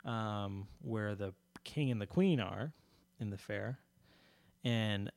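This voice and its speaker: A man's voice: on the low side, slow pace, creaky, a little mellow, no echo. A man chatting casually as a podcast co-host, telling a story in a rambling way with many fillers and restarts, laughing often.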